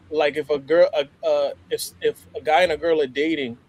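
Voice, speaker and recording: American man, slightly high voice, animated casual podcast talk with lots of restarts. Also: unhurried. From United States. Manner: animated, laughs often, many restarts.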